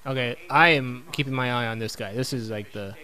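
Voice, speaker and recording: This young man's mid-range voice is a little fast with a sharp tone. He's a let's-player doing comedic commentary on a video game, goofing around, replying to the characters, and laughing frequently.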